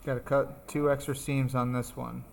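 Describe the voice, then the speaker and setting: A man's voice: mid-range voice, level tone, moderate pace, gravelly, darkish tone. A man teaching a craft class, talking through his steps as he works, casual and chatty. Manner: chatty, thinking aloud while working. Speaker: art instructor. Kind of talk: live classroom demonstration.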